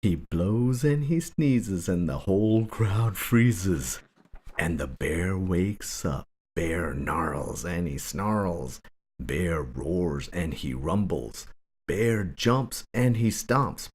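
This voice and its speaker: A man reads a bedtime picture book aloud in a low, unhurried voice. His delivery is gentle and rhythmic, and each line rolls into the next. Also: animated. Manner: slow, gentle, rhythmic reading. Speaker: storybook reader. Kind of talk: bedtime story read-aloud.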